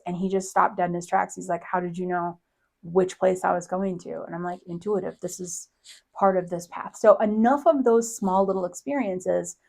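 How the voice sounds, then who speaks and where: A woman's voice: fairly low pitch, creaky, a little mellow. Chatty woman podcast host, laughing storyteller. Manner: chatty, laughs often, quotes others in voices. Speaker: podcast host, psychic medium. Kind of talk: casual storytelling monologue.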